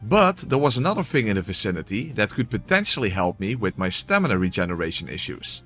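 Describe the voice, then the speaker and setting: A man's voice: fairly low pitch, big pitch swings, fast, a bit bright, soft background music. A man giving casual gameplay commentary and voice-over narration, exclamatory, swearing, with wry asides.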